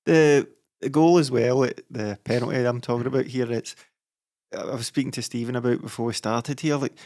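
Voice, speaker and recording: A man's voice: medium pitch, steady tone, fairly quick, darkish tone. A man with a Scottish accent, co-hosting a football podcast and talking with a fan's enthusiasm. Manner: enthusiastic fan talk. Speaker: podcast co-host. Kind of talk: casual football chat.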